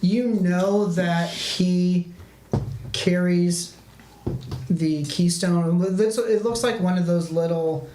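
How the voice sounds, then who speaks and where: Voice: mid-range voice, fairly even intonation, slow pace, dark tone. A game master narrating a tabletop game, rambling loosely with many restarts and "like". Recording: echoey room, faint background noise.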